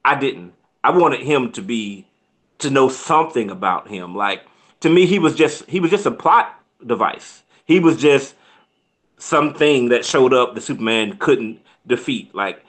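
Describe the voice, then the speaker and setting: A man's voice: mid-range voice, animated, a little slow, a bit bright. A man co-hosting a casual film review chat, rambling with restarts and laughing often.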